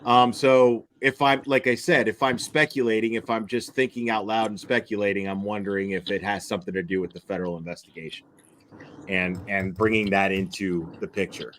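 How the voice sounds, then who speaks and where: A man's voice: fairly low pitch, fairly even intonation, brisk, fairly bright tone, slight background noise. A man co-hosting a casual, profane commentary chat, speculating aloud and reacting with incredulity. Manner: incredulous, speculative, laughs at his co-host.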